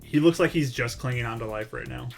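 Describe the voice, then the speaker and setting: A man's voice: mid-range voice, fast, vocal fry, faint music behind. A man narrating as game master in a tabletop role-playing session, loose and full of fillers.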